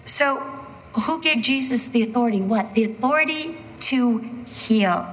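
Slow, emphatic woman preaching in a hall. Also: on the high side, lively intonation, fairly bright tone. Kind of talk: sermon.

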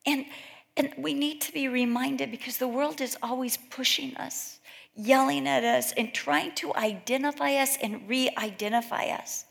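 A woman's voice: sits high, a little slow, creaky. Woman preaching in a chatty storytelling way. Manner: conversational, animated storytelling with quoted voices. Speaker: speaker at a church gathering. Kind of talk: sermon with personal stories.

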